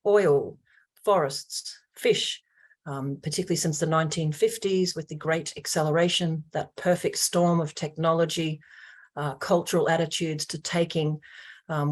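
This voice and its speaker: Low-voiced Australian woman hosting a webinar. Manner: earnest, many ums and uhs. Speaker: webinar host. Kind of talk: formal webinar introduction.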